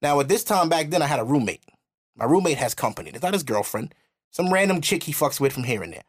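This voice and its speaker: Man, podcast host, lively swooping pitch, animated profane storytelling. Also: fast. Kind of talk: casual chat.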